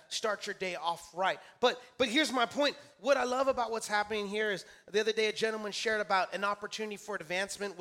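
A man's voice: sits high, bright, forceful tone. A male pastor preaching a sermon in church, emphatic and repetitive, calling out to his congregation for responses. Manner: repeats key phrases for emphasis. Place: church sanctuary.

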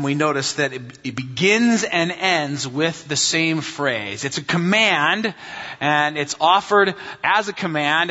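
Bright high-voiced male pastor preaching. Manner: emphatic, repeats key phrases, addresses listeners as friends. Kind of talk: sermon. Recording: dull sound with long hall reverb.

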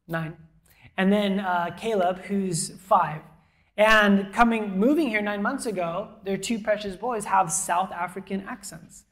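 Woman preaching a conversational sermon. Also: on the low side. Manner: conversational, emphatic preaching with quiet asides. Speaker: pastor. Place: church auditorium before a congregation.

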